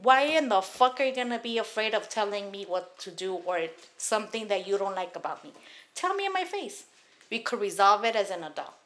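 A woman's voice: mid-range voice, brisk, hardly any pauses, fairly bright tone. A woman in her thirties from Los Angeles, telling a heated, profane story on a casual podcast. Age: 30s. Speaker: podcast host.

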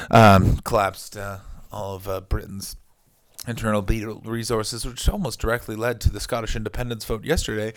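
Loud, profane man ranting. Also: on the low side, normal speed. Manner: loud, excitable, profane, jumps between topics. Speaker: podcast host. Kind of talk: comic rant. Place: hotel room. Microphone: video call microphone.

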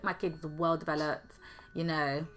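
A woman's voice: low voice, level tone, measured pace, a bit bright. A young woman co-hosting a casual podcast, chatty and self-mocking. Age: young adult. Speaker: podcast co-host. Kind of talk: casual chat.

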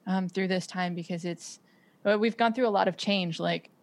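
This woman, a mother appearing as a podcast guest, speaks at a moderate pace in a fairly low voice. She reflects in relaxed conversation, often restarting her sentences and filling them with "um" and "like."

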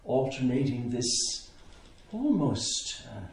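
Brief: unhurried male priest preaching, recorded in an echoing church. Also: mid-range voice, big pitch swings, gravelly, slight background noise. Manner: slow, contemplative, with long pauses. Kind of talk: sermon. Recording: echoey church interior.

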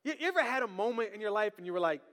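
A man preaching a sermon as pastor, lively and drawing the congregation into call-and-response. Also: high-pitched, rapid-fire. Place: church sanctuary. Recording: long reverb of a large church hall.

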